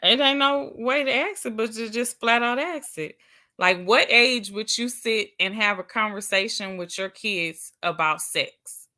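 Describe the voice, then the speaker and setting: A woman's voice: on the high side, a little slow, pushed and bright. A woman co-hosting a casual live-stream talk show, speaking in an easygoing way and backing up the host with short agreements. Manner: easygoing, backs up the host with "mm-hmm" and "definitely".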